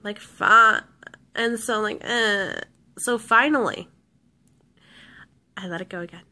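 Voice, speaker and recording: A woman's voice: fairly high pitch, unhurried, bright, forceful tone. A woman vlogger telling a story casually, rambling with lots of restarts and fillers.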